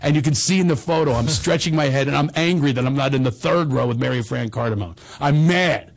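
A man's voice: medium pitch, quick pace, vocal fry. Bombastic middle-aged male comedy host. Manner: bombastic, rambling, self-deprecating. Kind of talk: casual chat and personal storytelling.

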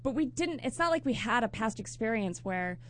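A woman with a slightly raised pitch chats on a live internet radio show. She rambles, backtracks and apologizes, laughing often between thoughts. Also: expressive, fairly quick, a bit bright, a little hiss or hum. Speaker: show staff member. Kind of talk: casual radio chat.

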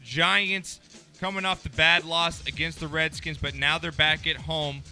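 A man hosting a casual sports talk show, excitable and bantering, laughing often. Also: fairly high pitch, unhurried, faint music behind.

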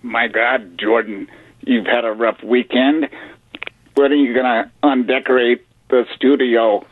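A man calling in does a creepy, slow and wheedling old film villain. It comes through a thin, tinny phone line. His pitch sits in an ordinary middle range. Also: steady tone, lightly acted. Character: creepy wheedling older man, Peter Lorre style. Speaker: caller.

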